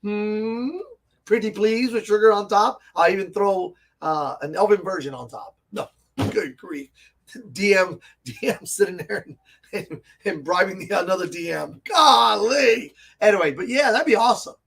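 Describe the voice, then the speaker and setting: A man with a high-pitched voice hosts a laid-back tabletop gaming chat. He rambles, gets carried away with excitement and laughs a lot, talking from a comic and game shop. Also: moderate pace, gravelly, breathy edge. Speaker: host of a tabletop gaming show. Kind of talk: casual live stream chat.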